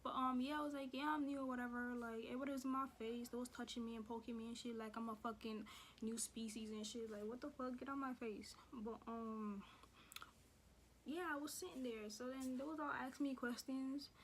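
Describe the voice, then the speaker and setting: A young woman tells a school story in a sassy, slang-filled, heavily profane style. Her voice sits a bit high for a woman, and a faint hiss runs under the recording. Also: fairly even intonation, brisk. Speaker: vlogger. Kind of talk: casual storytime.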